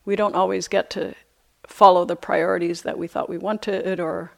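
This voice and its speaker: A middle-aged woman teaching meditation, her voice carrying a gravelly edge. She talks through a retreat dharma talk in a reflective, unhurried way, pausing softly and now and then laughing lightly at herself. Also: on the low side, level tone. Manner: reflective, unhurried, with soft hesitations; light self-amused laughter. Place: retreat center meditation hall.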